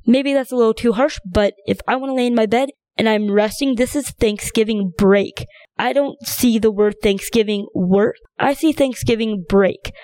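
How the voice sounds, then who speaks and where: A woman's voice: fairly high pitch, moderate pace, darkish tone, dry recording. A young woman hosting her own podcast, rambling in a casual, chatty way with plenty of fillers. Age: young adult. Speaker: podcast host. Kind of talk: casual solo chat.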